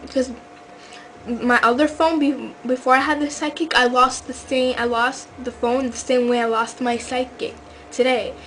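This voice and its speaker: Teenage girl, casual vlog, rambling with many restarts, slightly high voice, faint background hiss. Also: low-quality recording. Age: teens. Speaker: vlogger.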